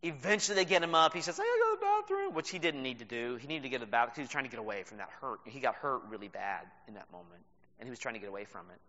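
A man preaching a sermon as pastor, telling a story with animated delivery and laughs. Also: medium pitch, very fast. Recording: reverberant hall, dull sound.

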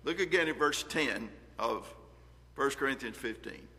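A man's voice: mid-range voice, animated, a little slow, sharp tone, long reverb tail. A man preaching a sermon, reading scripture aloud with earnest emphasis and shifting volume.

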